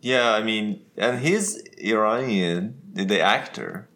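A man's voice: on the low side, slow, pushed and bright. A man co-hosting a podcast, explaining things casually and with enthusiasm. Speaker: podcast co-host.

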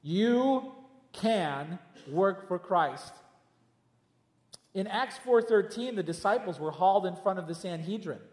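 A man's voice: high voice, lively intonation, slow, darkish tone. A man preaching a sermon as pastor, mixing teaching with jokes and chatty asides. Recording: echoey hall with long reverb.

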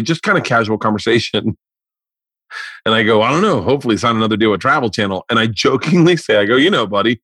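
A comedian in his forties hosts a casual podcast chat, swearing freely as he spins animated stories. His voice sits at an ordinary middle pitch. The sound is close and dry, with no room around it. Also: a little fast, breathy edge, no echo. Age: 40s. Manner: profane, animated storyteller.

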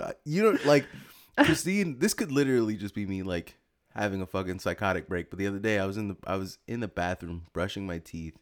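A man's voice: fairly low pitch, fairly quick. A young man in casual crude banter on a podcast, rambling, swearing and laughing often.

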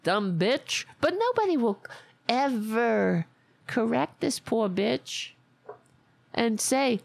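A woman's voice: a little high, big pitch swings, takes it slowly, gravelly, dry recording. Sarcastic, profane New York woman host. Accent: Staten Island New York. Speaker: podcast host. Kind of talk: profane political commentary.

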